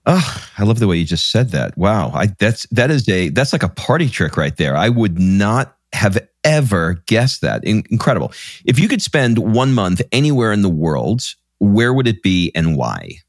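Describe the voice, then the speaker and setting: Deep-voiced, lively male podcast host. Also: moderate pace, no room sound, clean studio sound. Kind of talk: casual interview chat.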